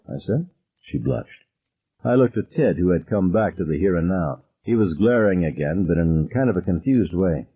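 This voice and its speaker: Husky, expressive male audiobook narrator. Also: low voice, a little fast. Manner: dramatic and expressive. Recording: tinny phone-like audio.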